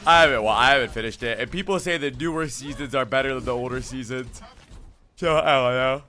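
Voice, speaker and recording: A man's voice: mid-range voice, brisk, sharp tone, a little hiss or hum. A young man from New Jersey, a streamer rambling in slangy casual chat while answering his viewers.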